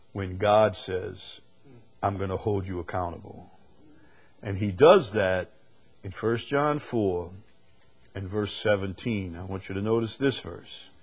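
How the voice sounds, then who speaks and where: A man preaching a sermon, reading scripture slowly and building to sudden emphatic rises on key words. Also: on the low side, a little mellow. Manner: slow deliberate delivery with sudden emphatic rises; reads scripture aloud in slow stretched phrases.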